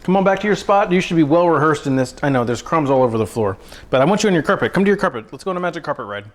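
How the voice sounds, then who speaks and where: A man's voice: on the high side, lively intonation, very fast. A man hosting a cooking livestream from his kitchen, chatting casually and self-mockingly and cooing at his dog. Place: home kitchen.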